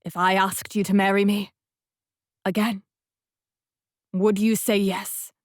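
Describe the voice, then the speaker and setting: Woman doing a soft earnest guy in a romance audiobook, gentle and slow, dry close sound. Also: mid-range voice, level tone, no room sound, lightly acted. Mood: tender. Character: tender, devoted grown man, former grumpy boss. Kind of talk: audiobook dialogue reading.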